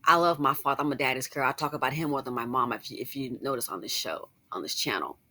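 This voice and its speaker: A woman's voice: very deep voice, fast, pushed and bright. A woman giving sassy, chatty commentary to her viewers, with frequent asides. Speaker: online commentator. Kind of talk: casual commentary.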